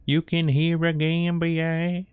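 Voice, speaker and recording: A man's voice: on the high side, flat delivery, a little slow, a little mellow, clean tone, no echo. A man streaming a horror game, joking playfully with his chat as he plays. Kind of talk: live gameplay commentary.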